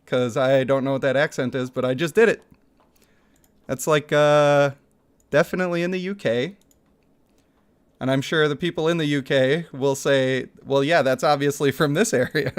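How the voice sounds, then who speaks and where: A young man streams a mobile game, chatting casually and animatedly with viewers, reading donations and chat aloud and laughing often. His voice is medium in pitch, clean in tone and moderately paced.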